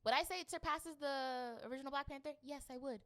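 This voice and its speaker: A woman's voice: sits high, quick pace. A woman hosting a podcast, talking casually and rambling with lots of fillers. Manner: rambling, filler-heavy, animated. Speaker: podcast host. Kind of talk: casual chat.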